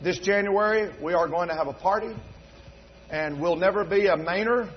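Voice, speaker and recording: This sermon comes from a middle-aged North Carolina pastor whose voice sits high and moves at a moderate pace. He tells folksy stories in church and rises to emphatic fervor, on a dull lo-fi recording with slight background noise.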